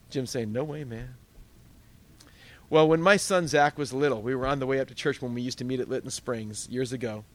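A middle-aged male pastor preaching a sermon, telling a story and acting out voices as he goes. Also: mid-range voice. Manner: storytelling, animated with quoted voices.

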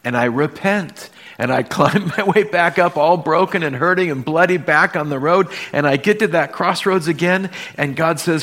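A middle-aged pastor preaching a sermon, telling a story and acting out bits of dialogue with shifting emphasis. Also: male voice, fairly high pitch, measured pace, fairly bright tone.

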